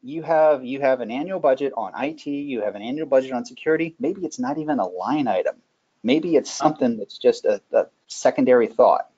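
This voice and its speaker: A man in the middle of his pitch range talks through a security presentation in a folksy, animated way, dropping in stories and asides. The sound is muffled and lo-fi, like a web session. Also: fairly quick, husky. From Northern Virginia. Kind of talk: conversational webinar presentation.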